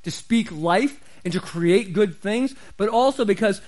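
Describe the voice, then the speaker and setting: A man's voice: sits high, unhurried, darkish tone, rough recording. A man preaching a sermon as pastor, emphatic and repeating key phrases for stress.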